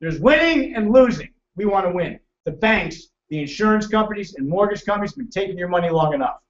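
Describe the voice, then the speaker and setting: A man presenting a financial seminar to a live audience, loud, emphatic and hectoring as he teases the crowd. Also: high voice, animated, brisk. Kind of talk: motivational seminar lecture. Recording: echoey, distant, dull room recording.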